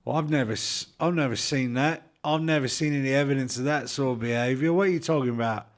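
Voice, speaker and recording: A man's voice: medium pitch, fast, lightly acted. A man voicing a foul-mouthed, bewildered young captive in a put-on British accent, swearing and indignant. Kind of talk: in-character role-play.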